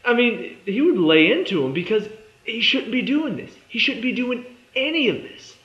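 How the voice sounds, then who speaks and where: A man's voice: extremely high pitch, lively intonation, normal speed. A young man giving a casual, exasperated review of a TV episode, sarcastic and fond of mimicking the characters. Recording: echoey room, dull lo-fi sound.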